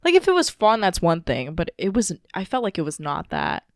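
A woman's voice: fairly low pitch, wildly swooping pitch, fairly quick, no echo, studio quality. A woman podcast co-host telling a personal story in a casual, emotional, rambling way with lots of fillers.

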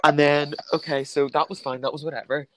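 A young man co-hosting a podcast, chatting casually as a camp, animated storyteller with slangy quips. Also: fairly high pitch, brisk, a little hiss or hum, poor audio. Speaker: podcast co-host. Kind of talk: casual chat.

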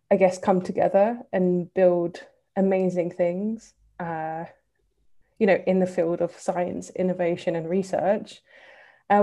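Mellow-voiced English woman guest. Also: medium pitch. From England. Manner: thoughtful, many ums and kind ofs. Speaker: guest, civil servant. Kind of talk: interview answers, casual talk.

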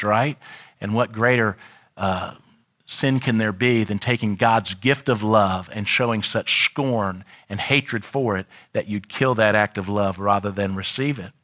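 A man pastor preaching a sermon in a church, shifting dramatically and shouting out the crowd's lines. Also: mid-range voice.

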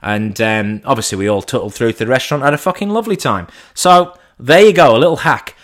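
A man's voice: medium pitch, animated, quick pace. A man telling a cheeky anecdote casually, swearing and acting out the dialogue. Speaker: storyteller.

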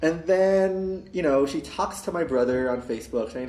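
A man telling a long story in casual chat, rambling with many restarts and putting on high voices for the people he quotes. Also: fairly quick, hardly any pauses, warm tone. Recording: roomy echo.

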